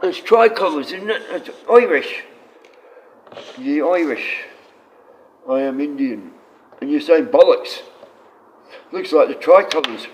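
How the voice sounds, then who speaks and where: A man's voice: a little high, lively intonation, slow pace, long pauses, darkish tone, slight background noise, poor audio. A man chatting casually on a livestream, rambling and swearing freely.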